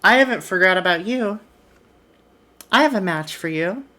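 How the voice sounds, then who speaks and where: A woman's voice: medium pitch, expressive, moderate pace, bright, forceful tone. Woman playing a stern wrestling manager man. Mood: firm. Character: stern male wrestling manager, bossy and official.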